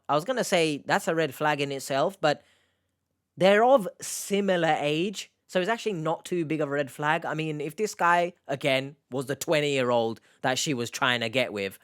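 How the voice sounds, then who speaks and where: A man riffs through a casual reaction commentary with a sarcastic, mocking edge. His voice sits a little high and comes across smooth and clean. The sound is close and dry, with no room around it. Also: fairly bright tone, no echo. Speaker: online reaction host.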